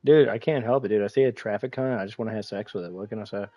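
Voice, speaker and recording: A man's voice: lowish voice, rapid-fire, mellow, lo-fi sound, soft background music. A young man in casual chat while streaming a game, rambling, crude and laughing often. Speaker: gaming streamer.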